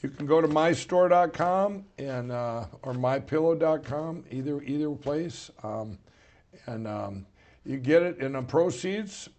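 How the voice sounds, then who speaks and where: Animated middle-aged man telling stories. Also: fairly high pitch, measured pace. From Minnesota. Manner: animated storytelling, frequent "you know". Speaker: co-host. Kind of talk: casual talk show conversation.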